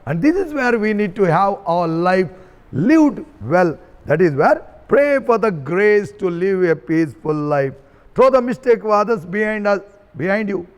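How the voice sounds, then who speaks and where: A man's voice: high voice, sing-song, measured pace, smooth. A man, a Catholic priest, giving a sermon in an earnest way and repeating key phrases for emphasis. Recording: reverberant hall.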